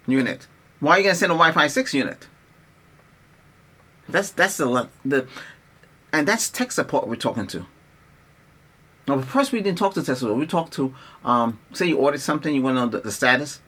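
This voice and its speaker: Bright-voiced man ranting casually. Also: mid-range voice, a little hiss or hum. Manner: rambling, exasperated, restarts often. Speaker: tech vlogger.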